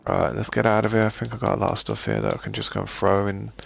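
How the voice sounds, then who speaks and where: A man's voice: lowish voice, big pitch swings, quick pace, creaky, noisy background. A British man streaming a game live, chatting casually with viewers, often restarting his sentences and calling them mate and boys. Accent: British English. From Britain. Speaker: gaming streamer. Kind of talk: casual live gameplay commentary.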